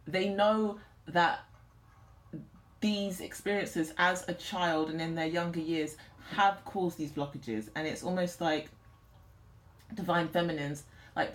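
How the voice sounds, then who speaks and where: A woman's voice: lowish voice, fairly even intonation, slow, echoey room. A woman giving a channelled tarot reading, speaking earnestly and close to tears. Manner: earnest, emotional, on the verge of tears. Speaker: tarot reader.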